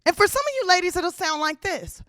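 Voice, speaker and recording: Brash, high, animated woman comic. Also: no echo, studio quality. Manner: loud, animated storytelling with rapid repetition; slangy, brash, crude. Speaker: stand-up comedian. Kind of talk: stand-up comedy routine.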